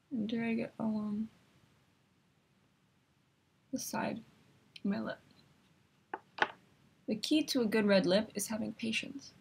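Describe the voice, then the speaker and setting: Husky-voiced woman hosting a makeup tutorial. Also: fairly high pitch. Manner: chatty, instructive, talks while demonstrating.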